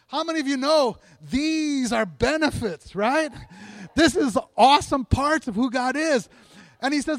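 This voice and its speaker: A high-pitched man preaching to his congregation in an easy, conversational way. He keeps tossing questions out to the room and chuckling between points. The sound is close and dry. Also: lively intonation, normal speed, dry recording. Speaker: pastor. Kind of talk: sermon. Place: church sanctuary.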